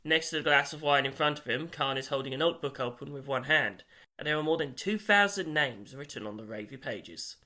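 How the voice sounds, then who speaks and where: A man narrating an audiobook in a steady storytelling voice. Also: medium pitch, brisk. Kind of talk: scripted narration.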